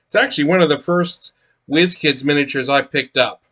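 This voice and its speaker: Man, a bit high-pitched, rambling unboxing chat, lots of um and uh. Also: moderate pace, bright, forceful tone. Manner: rambling, chatty, many fillers and restarts. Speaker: miniatures collector unboxing blind boxes. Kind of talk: casual unboxing commentary.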